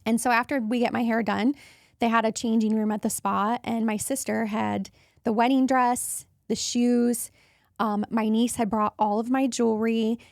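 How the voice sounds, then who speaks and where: A woman in her thirties hosting a podcast, telling a personal story in a casual, animated way and acting out the voices of people she quotes. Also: normal speed, no room sound, clean studio sound. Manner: animated, acts out quoted voices with jumps in pitch. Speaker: podcast host.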